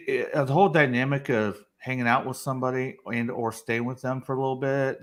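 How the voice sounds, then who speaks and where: A man hosting a casual livestream chat, talking bluntly and with plenty of cursing. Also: medium pitch. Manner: blunt, profane, conversational. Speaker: host.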